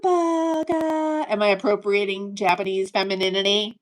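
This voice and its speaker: A woman's voice: medium pitch, animated, normal speed, low-quality recording. A woman in her fifties chatting on a livestream, rambling and joking as she talks straight to her viewers. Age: 50s. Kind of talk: casual livestream chat.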